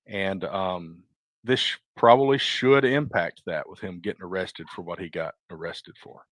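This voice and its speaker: A man's voice: low voice, normal speed, a bit bright, no echo. A man co-hosting a casual sports talk stream, easygoing and rambling as he lists news. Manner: easygoing, rambling with fillers, laughs at own jokes. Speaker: podcast co-host.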